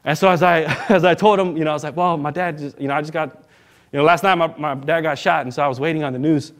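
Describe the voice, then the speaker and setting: A man preaching in a relaxed, story-driven way, slipping into quoted voices as he goes. His voice sits a little higher than most men's. The talk is casual and lively. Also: quick pace. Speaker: minister. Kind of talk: sermon storytelling.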